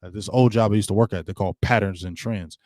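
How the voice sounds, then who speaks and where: A man's voice: fast talker, no room sound. Dude ranting about football on his own show, slangy, dry close mic, voice climbs when he gets heated. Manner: animated, slangy, repeats himself, rises in pitch when fired up. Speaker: sports talk show host. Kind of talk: casual solo sports commentary.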